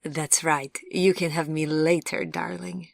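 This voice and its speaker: A woman's voice: low voice, level tone, measured pace, gravelly, no echo, studio quality, full character voice. A woman reader voicing an arrogant Russian woman spy with an accent. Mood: teasing. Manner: arrogant, cutting.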